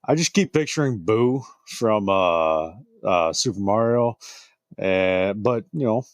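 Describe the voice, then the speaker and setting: A man talks very slowly and in a dry, close way, dropping wry, laid-back remarks into a casual podcast chat. He hesitates often between words. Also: on the low side, expressive, no room sound. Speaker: podcast co-host.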